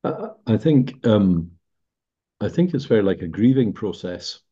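A man's voice: lowish voice, big pitch swings, a little slow, dark tone, breathy edge. An older man, a business leader, answering interview questions thoughtfully, with hesitant restarts. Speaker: podcast guest, senior business leader. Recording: dull lo-fi sound.

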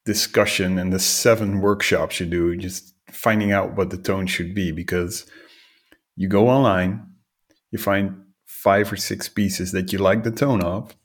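A man hosting a podcast, chatting casually and relaxed, with wry asides. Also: sits low, measured pace. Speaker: podcast host. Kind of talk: casual conversational interview.

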